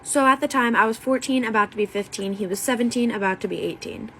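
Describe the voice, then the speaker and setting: A woman's voice: on the high side, fast talker, pushed and bright, slight background noise. A woman telling a personal story in a chatty storytime monologue, often quoting herself.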